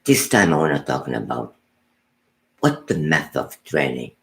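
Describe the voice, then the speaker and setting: Deep gravelly Buddhist teacher, slow. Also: male voice, very animated, fairly bright tone, roomy sound, rough recording. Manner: unhurried, halting, repeats words and restarts phrases. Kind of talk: meditation teaching talk.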